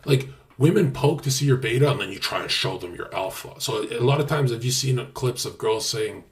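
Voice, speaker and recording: A young man livestreaming, talking brashly and boastfully with lots of swearing, dropping to mutters and then bursting out loud. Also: medium pitch, lively intonation, brisk. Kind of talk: casual stream talk.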